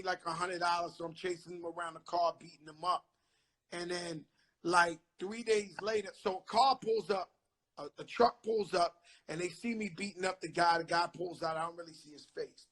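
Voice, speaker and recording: A middle-aged man hosting an interview, telling animated stories full of street slang. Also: sits high. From the Bronx, New York. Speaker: host. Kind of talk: casual interview chat.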